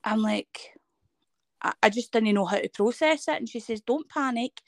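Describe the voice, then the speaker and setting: Her voice is a little high and her speed normal: a Scottish woman in her thirties, here as a guest, recounting a personal story in conversation. She acts out quoted dialogue with animation, and the clean studio sound has no room sound.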